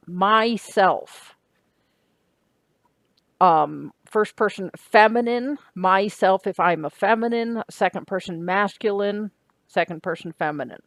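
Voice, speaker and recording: This Greek grammar teacher has a mid-range voice with lively intonation and takes things slowly. In her recorded lecture she walks through each step, occasionally asks "right?", and corrects herself along the way. The recording is dry.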